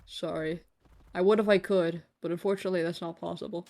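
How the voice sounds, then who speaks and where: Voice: medium pitch, steady tone, fast, darkish tone. Joking, rambling late-night game streamer. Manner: joking, rambling, laughs often. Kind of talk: casual live gaming stream chat. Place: at home, live stream.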